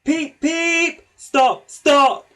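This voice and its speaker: A man voicing a cheeky small male tank engine with shrill, excitable cries in a storybook reading. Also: extremely slow, heavily acted. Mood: panicked. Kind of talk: storybook character voice.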